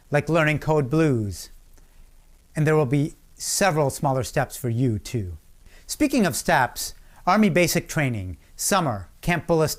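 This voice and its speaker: Animated man giving a commencement speech. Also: fairly high pitch. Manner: storytelling with dramatic pauses and acted-out shouts. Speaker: commencement speaker.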